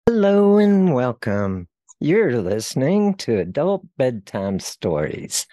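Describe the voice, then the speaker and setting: A podcast host introducing guests in an upbeat, excited way. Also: mid-range voice, slow, dry recording, studio quality, soft background music. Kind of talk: casual podcast hosting.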